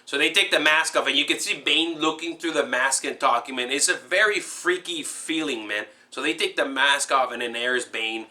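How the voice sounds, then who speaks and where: A man excitedly recapping a movie scene in a rambling, casual way, full of fillers and restarts. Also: mid-range voice, moderate pace, hardly any pauses. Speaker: movie fan recapping a film.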